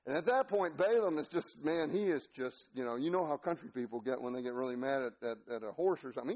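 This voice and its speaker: Folksy, animated preaching man. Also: fairly high pitch, fast talker, hardly any pauses. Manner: animated storytelling, folksy, laughing. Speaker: pastor. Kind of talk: sermon.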